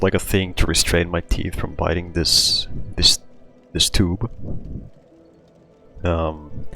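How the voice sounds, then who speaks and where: A man's voice: low voice, gravelly, a bit bright. A man hosting his own show, telling a personal story in a rambling, casual way, full of "like" and restarts. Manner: rambling, heavy use of "like", frequent restarts. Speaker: podcast host.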